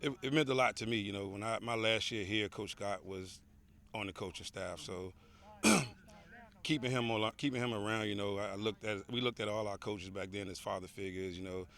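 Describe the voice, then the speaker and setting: A head football coach with a somewhat low voice speaks in an outdoor interview at a practice field. He talks earnestly, restarting phrases and leaning on "you know.". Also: normal speed, a bit bright. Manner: earnest, repeats words and says "you know" often.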